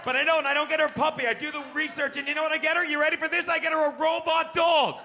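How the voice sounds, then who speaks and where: High-voiced brash male stand-up comic. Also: flat delivery, fast, sharp tone. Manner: brash, punchy, crowd-baiting with "right?". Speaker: stand-up comedian. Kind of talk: stand-up comedy. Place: comedy club stage.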